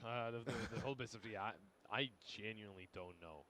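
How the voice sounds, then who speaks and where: A male esports co-commentator chatting casually beside the main caster, relaxed and quick to agree. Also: on the low side, noisy background. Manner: relaxed, reacts with short agreements. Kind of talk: casual analyst chat.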